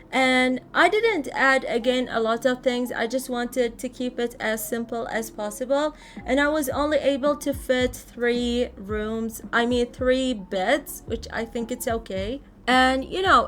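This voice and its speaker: A woman's voice: fairly high pitch, a bit bright. A woman giving a casual, chatty voice-over tour of a game build, sometimes searching for words and laughing lightly. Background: faint background music.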